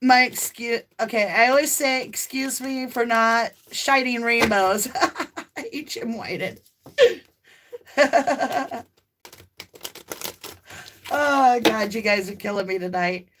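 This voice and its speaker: A woman with a light Southern US accent, hosting a live tarot stream in casual chat, talkative and laughing often, breaking into loud whoops. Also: a little high, noisy background. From American South.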